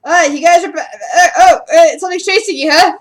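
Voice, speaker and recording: A woman's voice: very high voice, a little fast, voice pushed up. A woman putting on a folksy male dwarf innkeeper. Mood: surprised, welcoming.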